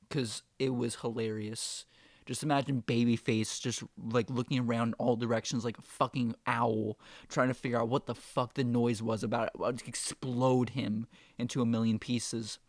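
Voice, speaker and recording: A man's voice: mid-range voice, no echo, clean studio sound. A man casually telling a rambling work story, swearing freely and fighting off laughter. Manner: profane, rambling, chuckling.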